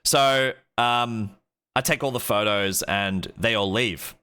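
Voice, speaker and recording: A man's voice: lowish voice, slow pace, sharp tone, smooth. A young Australian man and streamer, telling a story in a rambling, casual way with lots of fillers and swearing.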